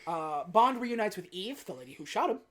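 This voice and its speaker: A woman's voice: medium pitch, sing-song, brisk. Laid-back woman casually recapping a film. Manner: profane, laid-back storytelling with wry asides. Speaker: podcast host.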